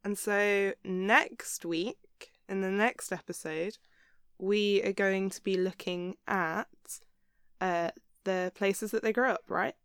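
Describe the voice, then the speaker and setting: A young woman from southern England with a southern English accent, co-hosting a podcast in relaxed casual chat and laughing easily. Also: mid-range voice, slow pace, clean tone, no echo, studio quality. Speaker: podcast co-host.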